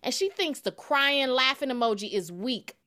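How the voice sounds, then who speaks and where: A woman's voice: high-pitched, expressive, normal speed, bright, forceful tone. A woman hosting a radio news program, reading scripted segments and chatting cheerfully during a word puzzle. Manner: upbeat, laughing easily. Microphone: studio microphone.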